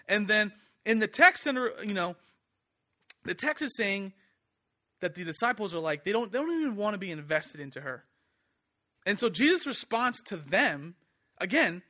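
A young man preaches with a high, bright voice. He keeps it casual and lively, slipping into little voices for the people he quotes. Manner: animated, conversational, acts out quotes. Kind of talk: sermon.

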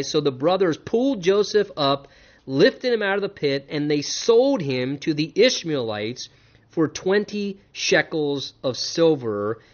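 Male preacher, expository sermon, emphatic, fairly high pitch, dull lo-fi recording. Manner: emphatic, varies between loud stresses and quiet asides. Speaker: pastor. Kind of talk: expository sermon reading scripture with commentary. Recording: dull lo-fi sound.

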